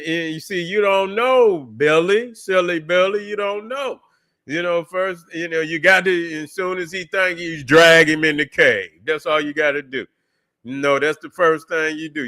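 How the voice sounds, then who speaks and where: A man hosts a livestream and rants in a slow, drawn-out way, stacking up fillers and restarts. His voice sits a bit high for a man and rings bright and clear. He sounds profane and mocking. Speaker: livestream host. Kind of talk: casual ranting commentary.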